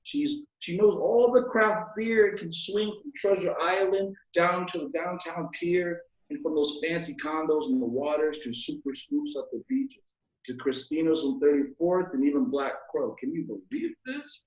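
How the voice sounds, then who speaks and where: A man's voice: a little high, expressive, moderate pace. Male poet, 20s, from Alaska; playful rhythmic reader, echoey room sound. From Alaska, USA. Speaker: poet guest. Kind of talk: poetry reading and casual chat.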